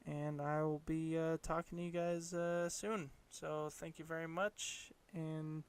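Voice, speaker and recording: A man's voice: on the high side, little pitch movement, unhurried, clear, resonant tone. A man hosting a podcast, giving casual advice in an encouraging, rambling way with frequent restarts. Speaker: podcast host.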